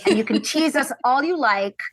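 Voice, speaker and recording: A woman's voice: high voice, lively intonation, moderate pace, a bit bright, dry recording. A woman co-hosting a casual chat, chiming in with easygoing remarks. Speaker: co-host.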